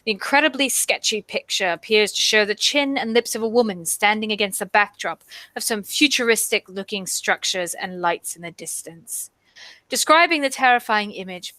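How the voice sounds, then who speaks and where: A woman co-hosting a stream, reading a news article aloud with wry, deadpan asides. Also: medium pitch, dry recording.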